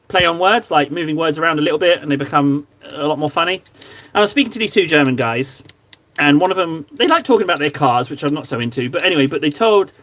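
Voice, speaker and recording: A chatty English host talks with his viewers while he paints at his hobby desk. His voice sits a little high, and the sound is close and dry. He is rambling and self-deprecating, with a loose, joking manner. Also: a bit bright, no room sound. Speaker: livestream host painting miniatures. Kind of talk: casual livestream chat.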